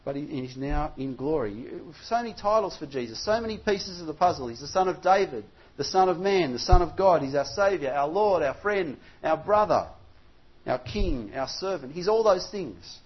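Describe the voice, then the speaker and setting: Middle-aged guy preaching, kinda husky, chatty with lots of ums then repeating lines for punch, muffled lo-fi sound. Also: fairly high pitch, animated, normal speed. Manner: conversational, with fillers and restarts, building to emphatic repetition. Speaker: pastor. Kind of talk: sermon.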